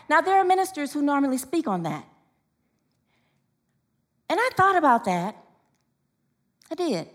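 A middle-aged woman minister giving a sermon, telling stories with laughs and asides and rising excitedly when she quotes people. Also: high voice, normal speed, long pauses.

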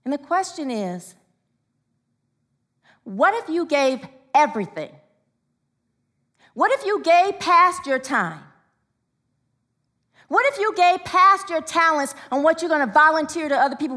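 A middle-aged woman minister giving a sermon, telling stories with laughs and asides and rising excitedly when she quotes people. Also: high-pitched, unhurried, pauses often.

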